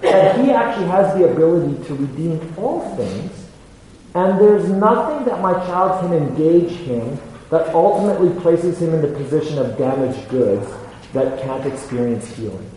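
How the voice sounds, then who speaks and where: A man in his forties giving an earnest, halting talk as a ministry speaker, with many fillers and restarts. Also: on the high side, animated, dark tone, slight background noise. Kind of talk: conference talk. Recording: echoey hall with faint ambience.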